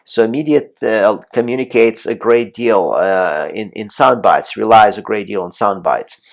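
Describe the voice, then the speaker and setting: Man, college lecturer, low voice, gravelly, measured delivery, lots of "uh" fillers. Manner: measured, frequent "uh" fillers and restarts.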